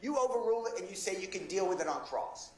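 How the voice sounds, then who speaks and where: A man's voice: high-pitched, animated, fast talker. A male defense attorney arguing insistently and passionately before a judge in a courtroom. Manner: impassioned, insistent, pleading. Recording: echoey courtroom with faint ambience.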